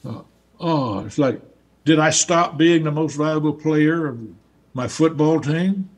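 A man's voice: on the high side, a little slow. A man with a Southern US accent, a guest in an interview, telling stories in a rambling way and restarting his words often. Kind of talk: casual storytelling conversation.

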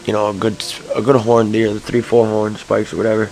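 A young man telling a rambling story to camera, early in the morning, swearing and jumping to high yelps when he gets excited. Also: fairly quick, soft background music, rough recording. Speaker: vlogger.

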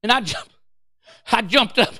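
A preacher man tells a story from the pulpit, his voice high and bright. He acts out every quote with big swings, breaking off to call out to his church. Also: a little slow, dry recording, clean studio sound. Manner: animated, acts out quotes, Pentecostal call-outs. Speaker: pastor. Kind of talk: storytelling sermon.

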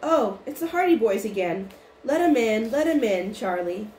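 A woman voicing a gruff, commanding male police officer in a roomy recording with faint noise. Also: fairly high pitch, animated, moderate pace, a little mellow, natural voice.

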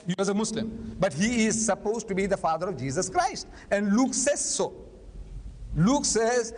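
An older man lecturing and debating in public, forceful and argumentative, firing rhetorical questions. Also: high voice, very animated, moderate pace. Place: large lecture hall. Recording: long hall reverb, faint noise.

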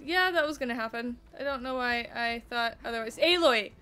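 A woman commentating her gameplay casually, excitable and quick to yelp and swear when she panics. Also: a little high, clean tone. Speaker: gamer streamer.

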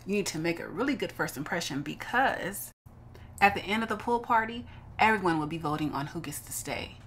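A woman's voice: lowish voice, expressive, fairly quick, fairly bright tone, slight background noise. A woman voicing an upbeat female love coach and stylist in a dating game, reading the lines aloud in a bubbly, encouraging way.

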